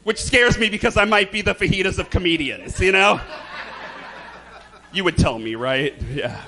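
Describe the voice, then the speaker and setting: A man doing campy, theatrical stand-up comedy in a club, throwing quick asides to the crowd. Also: high-pitched, expressive, sharp tone. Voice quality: slight lisp. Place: comedy club stage with a live audience.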